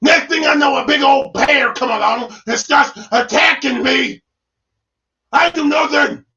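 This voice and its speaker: A man playing a panicked victim being mauled, wailing and shouting in a shrill falsetto. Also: a little slow, gravelly, recorded from a distance, lo-fi sound, heavily acted. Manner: hysterical, sobbing shouts.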